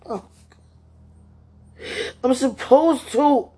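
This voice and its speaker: A tearful woman in an emotional spoken prayer, pleading in halting, repeated phrases. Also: on the high side, slightly rough, soft background music.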